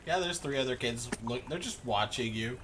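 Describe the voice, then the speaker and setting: A man narrating as game master in a tabletop game, unhurried, giggling, with halting fillers. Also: medium pitch, expressive, fairly bright tone.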